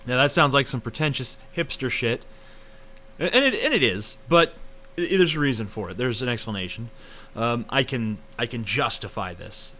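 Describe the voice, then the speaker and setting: A man's voice: mid-range voice, lively intonation, normal speed, sharp tone, a little hiss or hum. A young man ranting casually in a video review, profane, rambling and sarcastic, full of fillers. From United States.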